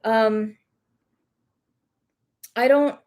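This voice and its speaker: A woman's voice: a little high, steady tone, drawn-out words, a little mellow. A young woman with a light Southern US accent, chatting casually on a livestream, rambling and reading viewer comments while sick with Covid. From rural American South. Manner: chatty and rambling, many fillers and self-corrections. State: has Covid. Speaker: livestream host, reseller.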